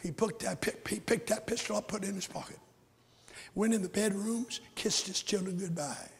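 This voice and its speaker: An older man preaching a sermon, telling a story with fervent delivery that swings from shouts to whispers, in a raspy voice. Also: high-pitched, moderate pace. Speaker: pastor. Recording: echoey hall.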